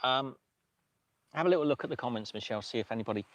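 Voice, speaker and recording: A man hosting a livestream, telling a story in a casual, emotional way with many halting restarts. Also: medium pitch, no echo, highs cut off. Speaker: livestream host.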